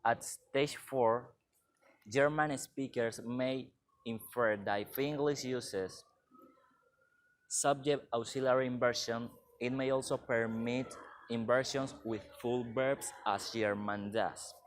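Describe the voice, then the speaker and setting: Young male student presenter, slow, explanatory delivery. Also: medium pitch, fairly even intonation. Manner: slow and explanatory, acting out short example dialogues. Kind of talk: class presentation.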